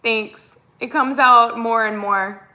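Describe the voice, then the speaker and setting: A woman's voice: fairly high pitch, steady tone, slow, bright, forceful tone. A woman with a Minnesotan accent, hosting a casual live stream and answering viewer comments in a chatty way. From United States. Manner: chatty, reads comments aloud and answers them.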